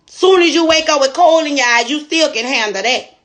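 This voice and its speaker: A woman's voice: high-pitched, brisk, a bit bright. A woman store owner telling a motivational testimony in a folksy, preachy storytelling way.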